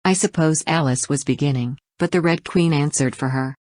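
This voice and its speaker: A woman's voice: deep voice, moderate pace, hardly any pauses, a little mellow, no echo. A woman narrating a children's audiobook who reads each punctuation mark aloud.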